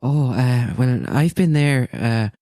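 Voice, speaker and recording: A man's voice: mid-range voice, expressive, dark tone, no room sound, studio quality. A man putting on a young Irish boy. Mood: earnest. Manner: halting, full of "uh" fillers, eager to please. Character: young Irish boy servant at a temple, earnest.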